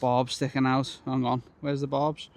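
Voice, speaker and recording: A fishing vlogger talks casually to camera on a windy riverbank, chatty and grumbling while poking fun at himself. His voice is medium-pitched and flat, at a normal speed, and loud wind noise hits the mic.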